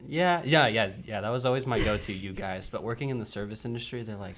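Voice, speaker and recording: A young man from Texas, a guest on a radio talk show, chatting in a relaxed, easygoing way with lots of fillers. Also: fairly low pitch, quick pace, few pauses, a little hiss or hum. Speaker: city administrative specialist, guest. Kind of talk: casual radio chat.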